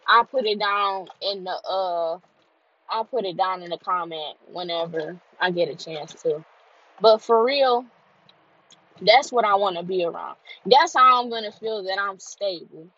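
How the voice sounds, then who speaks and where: A woman vlogger and podcaster delivers a candid, heartfelt freestyle monologue, conversational and repetitive, going back over her own words. Her voice is medium-pitched, unhurried and fairly bright, captured in a dull lo-fi recording.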